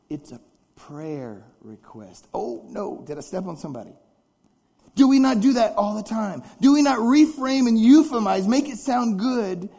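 Pastor, male, high voice, theatrical and conversational in the pulpit. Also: dark tone. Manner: dramatic, acts out congregants' complaints; conversational, with rhetorical questions. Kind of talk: sermon.

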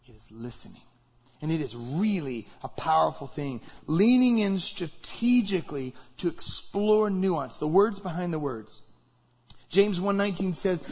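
Husky-voiced man preaching a sermon. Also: high voice, lo-fi sound. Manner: conversational, acts out example dialogues. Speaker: pastor.

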